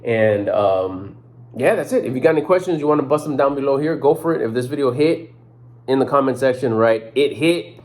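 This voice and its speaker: A man at an ordinary middle pitch makes a casual sales pitch straight to camera for his personal development channel. He speaks loosely in everyday slang, often restarting and repeating words as he goes. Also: lively intonation, a little fast, darkish tone.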